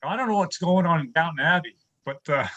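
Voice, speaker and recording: A man's voice: a little high, lively intonation, fast talker, fairly bright tone, dull audio. A man comedian telling jokes on a video call in a wry, folksy way, with plenty of filler words. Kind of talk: stand-up bit on a video call.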